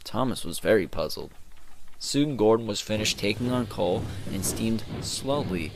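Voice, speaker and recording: Animated man narrating a children's story. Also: on the low side, a little slow, slight background noise.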